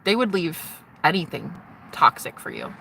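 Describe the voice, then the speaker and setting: A woman hosting her own livestream, rambling dreamily and swinging from giggly to hushed. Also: low-pitched, huge pitch swings, moderate pace, vocal fry. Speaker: livestream host. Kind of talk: rambling live-stream chat.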